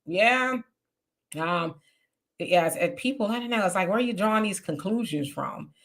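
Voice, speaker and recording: Bright-voiced woman hosting a live stream. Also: mid-range voice, lively intonation, moderate pace. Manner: chatty, reads viewer comments aloud and answers them. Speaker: livestream host reading chat comments. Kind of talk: casual live-stream chat.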